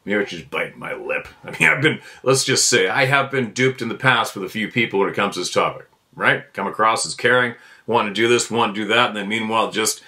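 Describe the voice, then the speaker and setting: A man in full rant mode, hosting his own show, blunt and foul-mouthed, circling back to the same points again and again. His voice sits fairly low but comes out sharp and forceful. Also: fast, hardly any pauses. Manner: blunt and profane, repeats himself. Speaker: podcast host. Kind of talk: fired-up ranting monologue.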